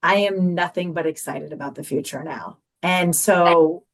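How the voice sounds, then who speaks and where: A woman's voice: on the low side, measured pace. A middle-aged woman speaking earnestly as a podcast guest, repeating herself as she searches for words. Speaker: guest, mother. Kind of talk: heartfelt podcast interview.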